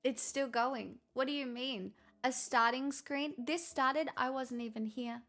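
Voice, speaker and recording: A woman's voice: high voice, measured pace, a bit bright, faint music behind. Woman streamer in a put-on Irish accent. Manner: rambling, joking, swearing. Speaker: live streamer. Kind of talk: casual live stream chat.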